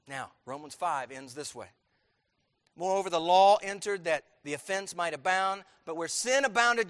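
A man preaching a sermon to a congregation, emphatic, asking rhetorical questions and breaking into forceful outbursts. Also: high-pitched, expressive, normal speed, clean tone, long reverb tail. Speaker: pastor.

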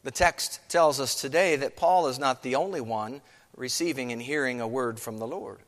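A man's voice: medium pitch, moderate pace, a bit bright, long reverb tail. A man preaching a sermon as pastor, earnest, with many rhetorical questions.

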